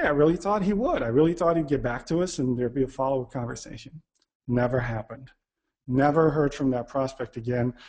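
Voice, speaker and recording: A man's voice: on the high side, a little mellow. Man telling a self-deprecating work story. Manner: anecdotal, self-deprecating, acts out quoted dialogue. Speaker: speaker. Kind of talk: storytelling talk.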